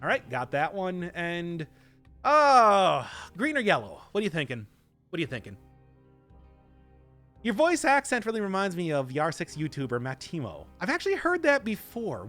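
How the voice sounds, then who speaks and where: A young game streamer from Wisconsin talks and laughs his way through live commentary, his Midwestern American accent marked by odd word stress. His voice is on the high side with a fairly bright tone.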